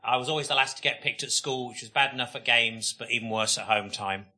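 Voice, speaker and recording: A man, a comedian on a panel, delivering deadpan one-liners on a live comedy stage. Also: medium pitch, quick pace, soft background music. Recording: live club recording with loud noise.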